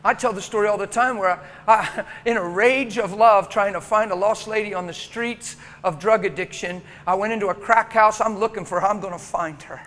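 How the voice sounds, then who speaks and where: Male preacher, high-pitched, passionate storyteller, hushed to loud, echoing church hall. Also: fairly even intonation, moderate pace, few pauses. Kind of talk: sermon.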